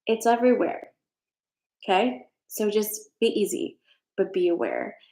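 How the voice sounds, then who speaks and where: A woman's voice: medium pitch, sing-song, unhurried, mellow, roomy sound. A woman doing a casual tarot reading on a live stream, earnest and reassuring, with some frank swearing. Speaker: tarot reader.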